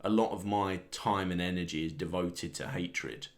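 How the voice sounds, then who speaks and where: A man's voice: sits low, fairly even intonation, normal speed. A man, a comedian, rambling through a sardonic, self-deprecating solo monologue and chuckling at his own jokes. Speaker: comedian host.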